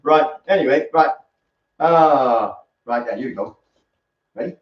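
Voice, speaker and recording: A man's voice: medium pitch, animated, unhurried, over loud music. A man teaching a dance class on a live stream, chatty, counting the steps aloud. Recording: roomy, distant, dull live stream.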